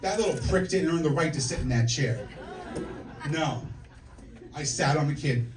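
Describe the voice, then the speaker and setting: A man's voice: fairly high pitch, normal speed. Brash profane stand-up comic man. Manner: brash, profane, punchy storytelling to the crowd. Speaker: stand-up comedian. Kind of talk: stand-up comedy set. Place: comedy club stage. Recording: echoey club from a distance, audience laughter. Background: audience laughing.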